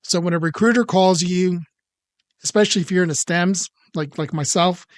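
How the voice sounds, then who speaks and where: A man's voice: sits high, moderate pace, dry recording, studio quality. Career coach man explaining job offers. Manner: explanatory, walks through hypothetical numbers. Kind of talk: commentary on a clip.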